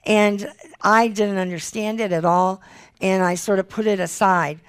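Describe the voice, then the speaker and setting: A woman's voice: medium pitch, fairly even intonation, measured pace, clean tone. A woman preaching a sermon with personal testimony, earnest and pleading as she reads scripture aloud. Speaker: Christian speaker.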